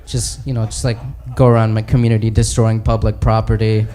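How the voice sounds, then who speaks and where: A man's voice: lowish voice, level tone, fairly quick, voice pushed down, lightly acted. A man voicing a sheepish, rambling giant green hero in his human form, mumbling and hesitant, in a noisy live stand-up recording.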